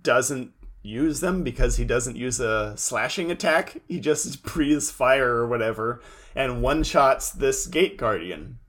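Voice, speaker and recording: A young man with an ordinary mid-pitched voice recaps a cartoon episode with a friend. His delivery is dry and sarcastic, tossing in quips as he goes. The tone is loose and conversational. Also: lively intonation, a little slow, a bit bright. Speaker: podcast co-host. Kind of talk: casual chat recapping a show.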